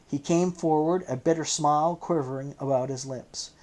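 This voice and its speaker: Man narrating an audiobook, measured. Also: a little high, darkish tone, poor audio. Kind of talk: scripted narration.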